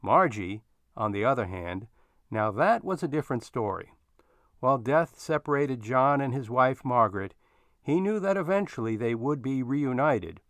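A man narrating a story in an expressive storytelling manner. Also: mid-range voice, normal speed, no echo.

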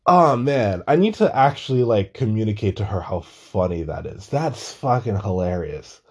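A man's voice: mid-range voice, moderate pace, hardly any pauses, breathy edge, lo-fi sound. A young man telling a story in a casual monologue, swearing a lot and laughing as he goes. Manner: profane, animated, laughs through a story. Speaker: vlogger.

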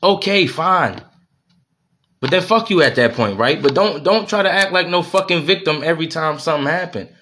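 A man's voice: on the high side, lively intonation, moderate pace, sharp tone, slight background noise. Heated, cursing man venting. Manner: profane, heated, repeats himself. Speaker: podcast host. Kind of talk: venting monologue.

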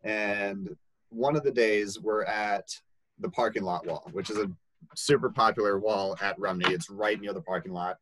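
A young man casually telling a story, lively and laughing, acting out quoted voices. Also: lowish voice, normal speed, poor audio.

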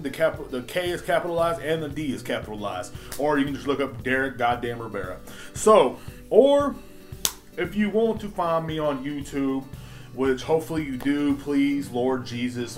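A man hosting his own podcast, ranting casually with heavy swearing and emphatic outbursts. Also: medium pitch. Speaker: podcast host. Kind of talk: casual profane rant.

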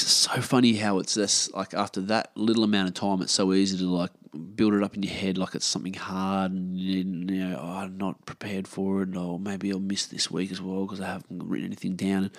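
Australian man, podcast host, casual rambling chat, low voice, dry recording. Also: creaky, no room sound. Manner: rambling, swears freely, laid-back. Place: living room at home.

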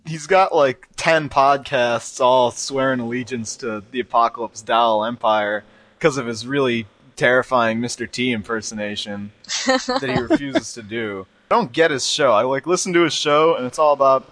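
A man's voice: medium pitch, expressive, moderate pace, fairly bright tone, no room sound. A man hosting a podcast in casual chat, joking and laughing often. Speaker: podcast host.

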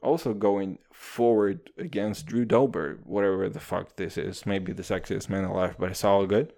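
A man's voice: deep voice, steady tone, normal speed, creaky, darkish tone. A man in his twenties hosting his own podcast, rambling and swearing casually, saying "dude" after nearly every phrase. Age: 20s. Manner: profane, rambling, says "dude" constantly. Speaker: podcast host.

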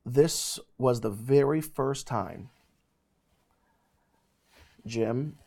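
A man in his thirties, host of a ministry show, telling a personal faith testimony in an animated, emphatic way. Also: mid-range voice, extremely slow, gravelly. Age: 30s.

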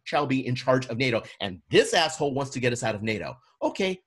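A man's voice: medium pitch, very animated, fast talker, husky. A man appearing as a podcast guest, talking politics with mounting passion and some swearing. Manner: impassioned, swearing, rising to heated emphasis. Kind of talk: political discussion.

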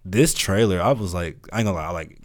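A man co-hosting a casual pop-culture podcast, enthusiastic and animated, swearing casually. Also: low voice, quick pace. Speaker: podcast co-host.

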